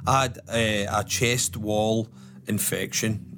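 A man's voice: fairly low pitch, steady tone, slow. A man with a Glaswegian accent, co-hosting a podcast and telling a personal story in casual, earnest chat. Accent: Glaswegian Scottish.

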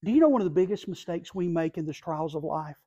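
A man preaching an impassioned sermon from a church pulpit, swinging between hushed lines and shouting. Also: fairly high pitch, lively intonation, fast, lo-fi sound. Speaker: pastor.

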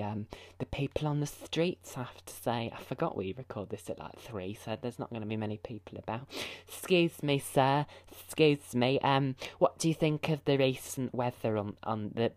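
A man's voice: mid-range voice, moderate pace, few pauses, a little mellow, no echo, lightly acted. A man voicing an awkward male street reporter who talks hesitantly and half in a whisper, in an improvised comedy sketch.

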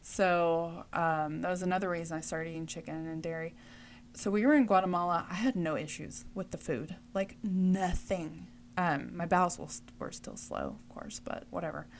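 A woman's voice: lowish voice, lively intonation, moderate pace, a little hiss or hum. Woman, 40s, from the US, vlogger, casual rambling storyteller who restarts her sentences. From United States. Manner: chatty, rambling, self-correcting.

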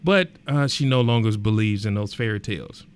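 Man, podcast host, animated rant, loud emphatic bursts, repeats himself. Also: lowish voice, brisk, clean tone. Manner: colloquial, repeats words for emphasis.

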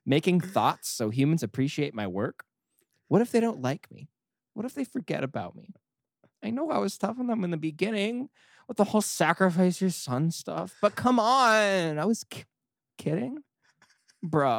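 A man's voice: on the high side, vocal fry, no room sound, clean studio sound, voice pushed up, exaggerated voice. A man reading as a whiny, lonely God. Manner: melodramatic, whiny. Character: self-pitying male God writing a diary. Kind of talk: reading a comic diary aloud.

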